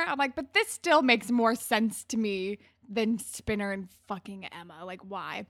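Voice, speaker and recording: A woman's voice: mid-range voice, animated, a little slow, few pauses, a bit bright. A young woman co-hosting a casual TV recap chat, retelling scenes with quoted dialogue. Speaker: podcast co-host.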